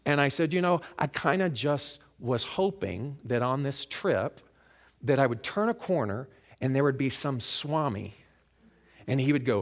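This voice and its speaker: A man at a middling pitch delivers a storytelling sermon to a congregation at a spiritual center. He is reflective, dropping to a near-hush on key lines and rising with emphasis when he wants to drive a point home. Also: expressive, normal speed. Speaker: guest speaker at a spiritual center.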